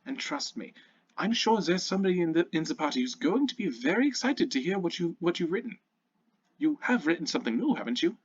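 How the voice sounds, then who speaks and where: A man voicing a warm, fatherly male half-orc burgomaster who speaks softly and reassuringly, on a muffled lo-fi recording. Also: fairly high pitch, big pitch swings, unhurried, pauses often, slightly rough, heavily acted. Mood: gentle. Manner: soft, gentle and reassuring.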